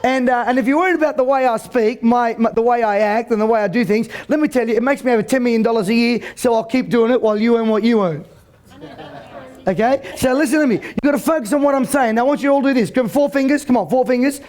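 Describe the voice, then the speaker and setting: A man's voice: extremely high pitch, quick pace, a little mellow. A man giving a joking, brash motivational seminar to a live audience, stammering into restarts and ordering the crowd about. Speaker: motivational speaker. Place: event hall with live audience.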